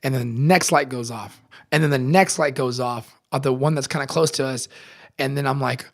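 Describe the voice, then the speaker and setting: A young man casually telling a personal story in slangy speech full of fillers, swinging between loud excitement and hushed tones. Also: mid-range voice, fairly quick, creaky. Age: young adult. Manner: animated, slangy, many fillers. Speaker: podcast contributor.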